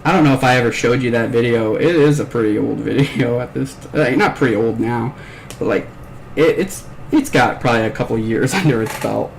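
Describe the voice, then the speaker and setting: A man in casual podcast chat, rambling through a story in a mid-pitched, ordinary voice. He swears freely and trails off with fillers as he goes. A faint hiss of background noise sits behind him. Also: brisk, vocal fry, low-quality recording. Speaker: podcast host. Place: bedroom at home.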